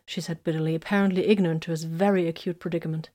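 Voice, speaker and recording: A woman narrates an audiobook in a measured, subdued tone. Her voice sits slightly low. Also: flat delivery, darkish tone.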